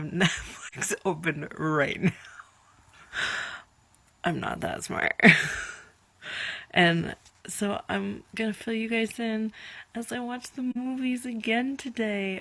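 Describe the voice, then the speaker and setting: A woman's voice: on the low side, gravelly, fairly bright tone, no room sound. A woman in her twenties chatting through a casual reaction vlog, dramatic and giggly, and tired. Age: 20s. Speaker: vlogger.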